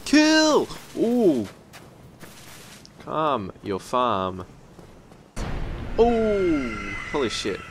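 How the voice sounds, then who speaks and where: A man giving excitable gameplay commentary, yelping and swearing as he plays. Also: mid-range voice, a little slow, long pauses, a little hiss or hum. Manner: excitable, yelps and swears at the game. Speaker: let's-play gamer.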